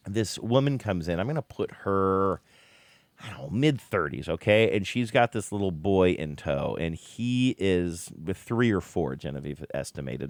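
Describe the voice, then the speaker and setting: A man co-hosting a podcast, telling a long story in a rambling, animated way and often correcting himself. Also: fairly low pitch, no echo, studio quality. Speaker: podcast co-host. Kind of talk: casual chat.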